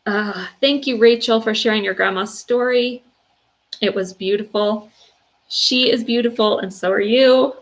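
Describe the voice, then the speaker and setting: Woman livestream host, gravelly fry, emotional and gushing, reads viewer stories aloud. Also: on the high side, measured pace. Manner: emotional and gushing, with soft fillers.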